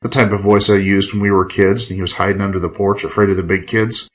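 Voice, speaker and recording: A man with a fairly low voice reads a gritty first-person story aloud. His telling is hard-boiled and wry, with plenty of swearing. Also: fairly even intonation, quick pace, low-quality recording. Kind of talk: first-person scripted narration.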